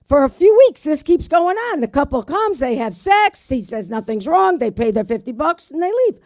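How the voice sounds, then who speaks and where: A woman's voice: high-pitched, big pitch swings, normal speed, darkish tone, dry recording, studio quality. A woman doing stand-up, telling old jokes in a brash manner and swearing at the audience. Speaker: stand-up comedian. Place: community arts center stage.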